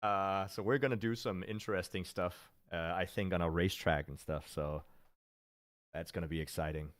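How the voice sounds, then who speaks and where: A man's voice: low voice, steady tone, moderate pace, no echo, clean studio sound. A man, a streamer who talks casually with his chat, loose and joking. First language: Danish. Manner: chatty, answers chat readers, loose and joking.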